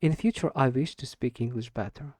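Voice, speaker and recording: A man practicing spoken English in an unscripted monologue, talking slowly and hesitantly, repeating and restarting words as he searches for them. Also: medium pitch, a little mellow, breathy edge, no room sound, clean studio sound. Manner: deliberately slow with stressed words. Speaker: English learner recording speaking practice.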